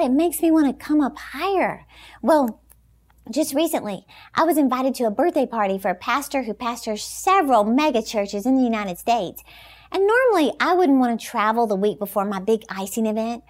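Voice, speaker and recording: A woman speaking as a Christian motivational speaker, delivering an inspirational talk in an emphatic, animated way and laughing often. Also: sits high.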